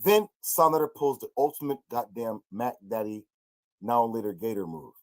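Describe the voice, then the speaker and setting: A man co-hosting a podcast, reacting to a clip with loud, mocking comedic commentary that swings between low asides and outbursts. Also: lively intonation, moderate pace.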